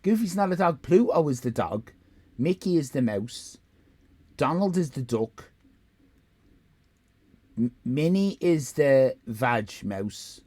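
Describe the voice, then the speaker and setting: A man's voice: mid-range voice, expressive, slow pace, long pauses, warm tone. An Irish man streaming live, giving rambling, sarcastic, profane commentary.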